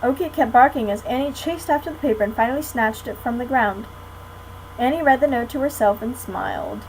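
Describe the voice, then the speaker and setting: A teenage girl reading a children's book aloud to a class in a friendly, clear way. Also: on the high side, brisk, darkish tone, a little hiss or hum, rough recording. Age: teens. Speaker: guest reader.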